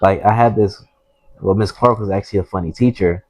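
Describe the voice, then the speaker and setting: A young man just out of high school, telling stories in an earnest, rambling casual chat. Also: steady tone, fairly quick, a little mellow, no room sound. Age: young adult. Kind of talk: casual storytelling.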